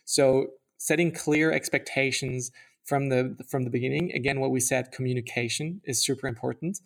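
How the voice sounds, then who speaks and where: Podcast co-host, young man, gravelly voice, loose rambling delivery with many fillers. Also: mid-range voice, fairly even intonation, normal speed. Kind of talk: casual chat.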